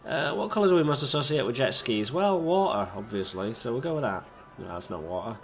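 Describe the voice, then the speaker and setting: A man's voice: medium pitch, very animated, brisk, slight background noise. A man giving casual, rambling, self-mocking commentary as he plays a park-building video game and talks to its little characters. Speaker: video game let's-player.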